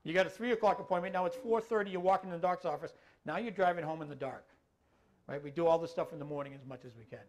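A man's voice: a little high, racing. A middle-aged man training an audience on dementia care, talking in a loose conversational way and often checking in with the listeners. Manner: conversational, keeps checking in with the audience, tacks on filler phrases. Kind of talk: talk to an audience.

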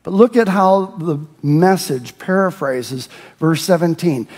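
Pastor, male, high tenor voice, sermon with passionate shouted verses, long church reverb. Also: animated, slow pace. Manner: preaching, rising to shouts on scripture. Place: church sanctuary.

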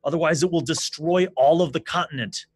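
A man's voice: on the high side, brisk, slightly rough, voice pushed up. A man voicing a proud captive king who speaks formally and insists urgently. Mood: urgent pleading. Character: captive scheming male king, proud, pleading.

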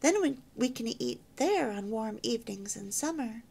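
A bright, chatty young bride in an old-fashioned storybook, her voice rising and falling with lively pride, as a woman reads her. The tone is a touch gravelly at the edges, eager and sweet. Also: on the high side, moderate pace, heavily acted. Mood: proud, chatty. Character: cheerful young newlywed housewife, proud homemaker.

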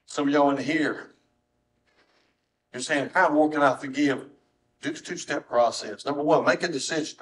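A middle-aged man, preaching a sermon as pastor in a church, swinging from soft, low tones to high, strained cries. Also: moderate pace, long pauses, rough recording. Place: church sanctuary.

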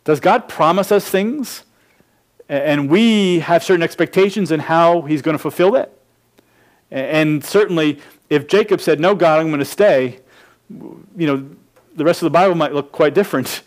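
Pastor, male, somewhat high voice, expository sermon, numbered points, restarts. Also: normal speed.

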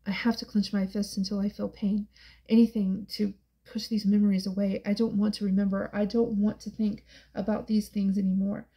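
Dark-toned, gravelly woman narrator. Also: mid-range voice, flat delivery, fairly quick, low-quality recording. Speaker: audiobook narrator. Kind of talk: first-person audiobook narration.

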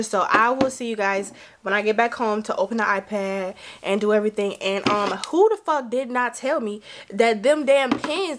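A young woman chatting excitedly to her vlog viewers, a little tipsy and talkative. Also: fairly high pitch. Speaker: vlogger. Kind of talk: casual chat to camera.

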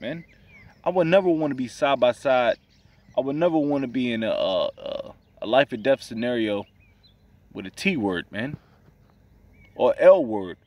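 Agitated man recorded from a distance. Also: medium pitch. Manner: profane, repetitive, agitated. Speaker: religious commentator. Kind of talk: casual religious commentary.

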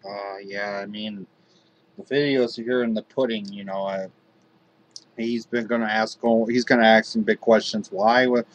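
Guy hosting a fan wrestling show, kinda low voice, lots of uhs and ums. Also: steady tone, dull audio. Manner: halting, lots of fillers. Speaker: host. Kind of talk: hobby wrestling show chat.

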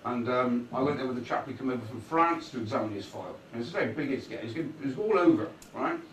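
A man's voice: medium pitch, animated, fast, fairly bright tone, distant mic, slight background noise. A man giving a rambling, conversational public talk to an audience in a meeting hall, often checking in with "right?". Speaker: guest speaker. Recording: echoey hall recorded from afar.

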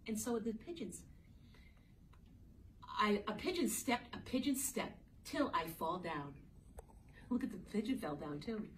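A teacher of medium pitch does a storytime read-aloud of a picture book for young kids, playful and sing-song, speaking to them directly now and then. The recording comes from a distant mic with faint ambience and slight background noise.

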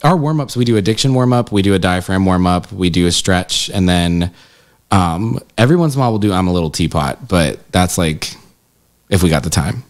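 A man with a very low voice talks casually about running a haunted house. He tells his stories with energy and slips into quoted voices along the way. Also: a little fast. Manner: animated storyteller, acts out quotes with jumps in pitch. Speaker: haunted house manager and scare actor. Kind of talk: casual interview chat.

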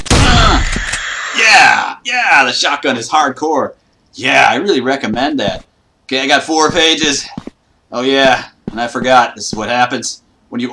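A man playing a horror game and commenting as he goes, joking and boasting, with trash talk and sudden yelps and shouts. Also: medium pitch, background noise. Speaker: gaming YouTuber.

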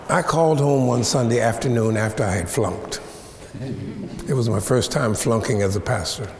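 A man's voice: medium pitch, moderate pace, crowd noise. A man in his seventies, a preacher lecturing at a seminary, who tells folksy stories with playful asides. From United States. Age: 70s. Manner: folksy storyteller, playful asides, stretches words for effect. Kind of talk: storytelling lecture. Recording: echoey hall with long reverb.

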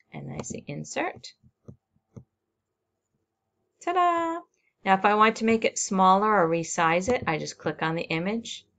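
Woman, teacher, low-pitched, gravelly, step-by-step screen-recording tutorial, narrates each click. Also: fairly bright tone.

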